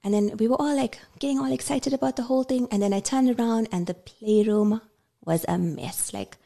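A woman in her thirties, a podcast guest, chatting casually and telling an animated story, acting out the voices of the people in it. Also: a little high, a little fast, vocal fry.

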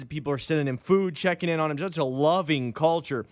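Rambling, animated radio co-host, a man. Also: a little high, brisk, no room sound. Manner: animated, rambling, laughs mid-sentence. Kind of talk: bantering radio talk.

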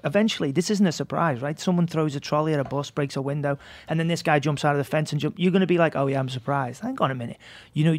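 Fast-talking man, dry sound. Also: on the high side, dry recording. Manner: earnest, reasoning it through. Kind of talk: casual chat.

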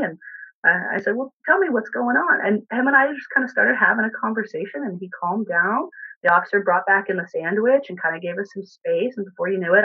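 A woman recounting a work experience in a casual, animated way, with fillers and restarts. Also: medium pitch, slightly rough. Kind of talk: casual storytelling. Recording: tinny phone line.

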